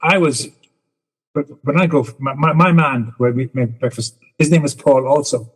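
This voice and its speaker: A man's voice: medium pitch, steady tone, moderate pace, husky, big-room sound, poor audio. A man hosting an interview in a casual chatty way, often stammering and repeating words as he shares his own story. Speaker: host.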